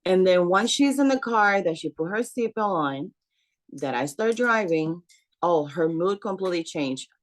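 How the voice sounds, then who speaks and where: A middle-aged woman talking slowly and haltingly with many fillers as she shares about her daughter on a video call. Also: fairly low pitch, lively intonation. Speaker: parent sharing in a support group. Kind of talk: casual storytelling on a video call.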